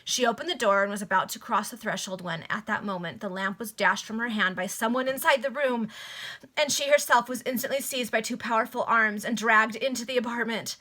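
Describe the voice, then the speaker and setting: A woman casually reading a novel aloud to friends over a video call, breaking off with excited asides. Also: a little high, fairly quick. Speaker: reader.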